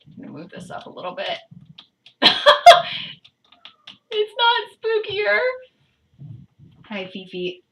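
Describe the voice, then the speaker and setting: A woman's voice: extremely high pitch, huge pitch swings, takes it slowly, pauses often, bright, forceful tone, poor audio. A woman vlogger reading a book aloud, breaking off with chatty, giggly asides. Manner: chatty, self-interrupting, giggly. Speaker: channel host.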